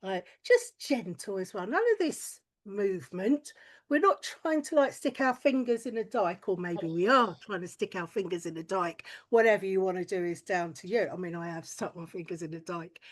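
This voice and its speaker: A woman's voice: medium pitch, lively intonation, moderate pace. A woman doing a crude, chatty stand-up routine, full of "like" and swearing. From lives in Wales, not Welsh-born. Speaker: stand-up comedian.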